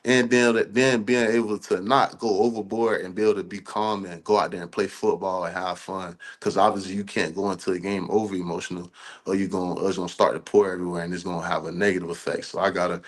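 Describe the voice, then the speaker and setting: A young college football player from Florida talks in a very deep, loose voice. He rambles casually, filling his answers with "like" and "you know." He sounds like a guest at ease on a sports podcast. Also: quick pace. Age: young adult. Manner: relaxed, rambling, fillers like "you feel me".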